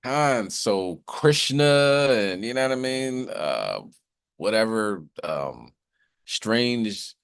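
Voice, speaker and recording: Rambling low-voiced male host. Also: big pitch swings, extremely slow, gravelly, clean tone, no echo, studio quality. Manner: rambling, slangy, with a habitual "you know what I mean". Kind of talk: casual commentary.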